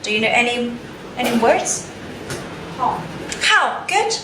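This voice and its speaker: A woman teaching English to a class, speaking slowly and clearly and having the students repeat words after her. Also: on the high side, very animated. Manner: slow, clearly enunciated prompting, drilling words for a class to repeat. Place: school classroom. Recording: echoey classroom from a distance, background noise.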